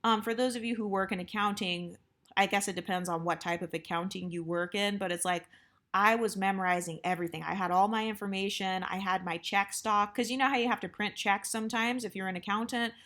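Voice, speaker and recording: A woman's voice: medium pitch, steady tone, brisk, a bit bright. Woman rambling through a casual storytime. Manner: rambling, filler-heavy, candid, blunt. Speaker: storytime vlogger.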